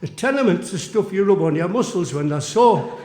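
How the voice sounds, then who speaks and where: A man's voice: high-pitched, animated, moderate pace, dark tone, slight background noise. An older man with a Geordie accent playing a muddled Geordie man who earnestly mixes up long words, on a small theatre stage. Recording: echoey live room.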